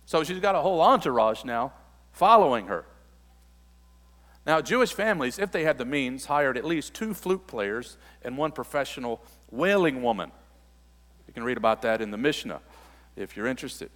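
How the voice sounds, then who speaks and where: A man preaching a sermon, reading scripture aloud and then explaining it, building to emphatic, forceful peaks. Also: mid-range voice, animated, normal speed, long reverb tail. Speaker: pastor.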